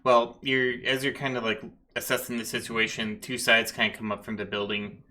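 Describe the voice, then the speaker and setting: Bright-voiced man narrating a tabletop game. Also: medium pitch, level tone, moderate pace. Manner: loose, filler-heavy narration. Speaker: game master.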